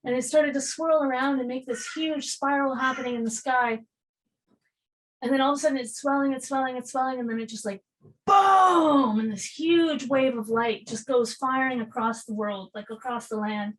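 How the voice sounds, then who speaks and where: Woman podcast guest, lively storyteller, voice sits a little high, acts out dialogue, swears casually. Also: moderate pace, poor audio. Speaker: podcast guest, spiritual healer.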